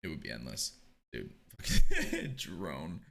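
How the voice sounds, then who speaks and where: A young man, co-hosting a casual podcast and telling stories in an animated way, swearing and laughing often. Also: a bass voice, slow, creaky. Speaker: podcast co-host.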